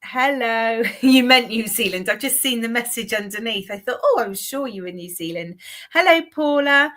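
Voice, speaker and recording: A woman's voice: a little high, lively intonation, normal speed, a bit bright. Chatty woman with a Southwest English accent. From Southwest England. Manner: chatty, calls viewers darling and sweetheart. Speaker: medium. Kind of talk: live-stream mediumship session.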